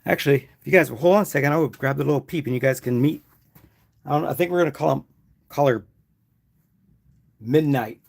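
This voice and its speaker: A man casually explaining his woodturning setup on a live stream, in a relaxed, chatty way. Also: mid-range voice, brisk, creaky, long pauses.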